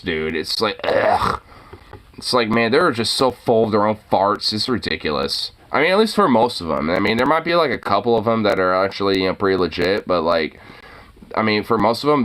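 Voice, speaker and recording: A man with a bright, sharp-edged voice hosts an informal talk, griping at length. He swears freely and rambles through constant fillers. His delivery stays loose and unscripted. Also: medium pitch, slight background noise. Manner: profane, rambling, filler-heavy. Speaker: host. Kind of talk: casual ranting commentary. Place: lives in Portland.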